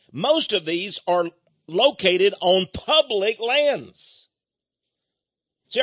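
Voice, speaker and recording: An older man with a Texan accent, hosting a folksy, emphatic monologue that rises to loud peaks. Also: a little high, slightly rough, no echo. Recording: dull lo-fi recording.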